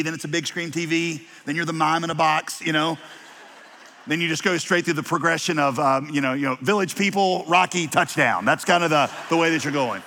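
A man preaching to his congregation in a big, echoey hall, his voice bright and sitting a little high. He tells funny stories and trips over restarts as he goes. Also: slight background noise. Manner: humorous storytelling with many restarts. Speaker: pastor. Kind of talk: sermon.

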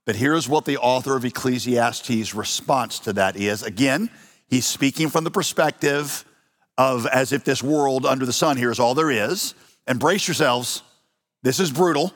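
A man's voice: medium pitch, normal speed, fairly bright tone, long reverb tail. A man with an American accent preaching a sermon to his congregation in a conversational, humorous way, asking the listeners questions. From United States. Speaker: pastor. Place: church hall.

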